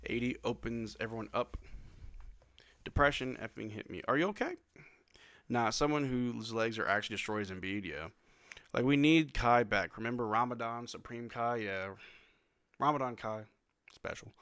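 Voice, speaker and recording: A man with a bright, forceful tone hosts a live watch-along stream late at night. He calls the plays in a blunt, casual way, slipping into flat dismay and then shouting out. The close mic keeps his voice dry. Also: medium pitch, moderate pace, smooth, no room sound. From New Zealand. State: yawning, sleepy late at night. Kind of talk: casual play-by-play and chat.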